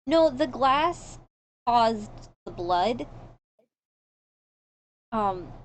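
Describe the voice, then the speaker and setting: A woman's voice: on the high side, expressive, drawn-out words, low-quality recording. A woman running a tabletop horror campaign as game master, describing scenes with casual fillers and asides.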